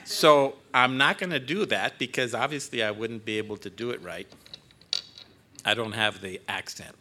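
An emotional sermon opening comes from a man in his sixties who is guest preaching in a church sanctuary, choked up and joking about himself. His mid-range voice has a sharp tone at normal speed, with a little hiss or hum on the recording.

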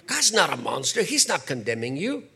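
An older man preaching a sermon, animated, slipping into acted quotes and jokey asides. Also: a little high, normal speed, gravelly, slightly rough. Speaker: pastor.

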